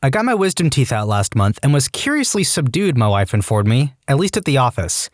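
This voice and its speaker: A man reading online stories aloud as a scripted narration, animated and given to comic rants. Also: mid-range voice, brisk, no echo, studio quality. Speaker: story narrator.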